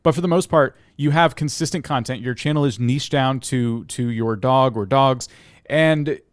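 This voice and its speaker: A man's voice: mid-range voice, moderate pace, no room sound, clean studio sound. A man co-hosting a livestream, reviewing channels in an easygoing, advisory way. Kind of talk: livestream casual chat.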